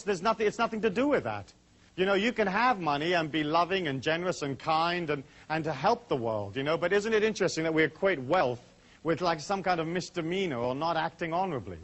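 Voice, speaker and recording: A middle-aged man talks to a small seminar audience at a quick clip. His voice sits a bit high, and his delivery is chatty and full of asides. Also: a bit bright. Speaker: seminar speaker. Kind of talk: talk to a live audience.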